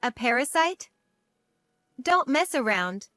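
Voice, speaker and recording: A woman's voice: sits high, very animated, takes it slowly, a bit bright, dry recording, clean studio sound, exaggerated voice. A woman reading a stern old father. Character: quiet old father near seventy, stern now.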